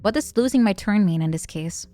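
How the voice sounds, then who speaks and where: A woman streamer chatting casually while playing a game, playful and giggly, thinking out loud. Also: medium pitch, animated, fairly quick, faint music behind. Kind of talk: casual gaming chat.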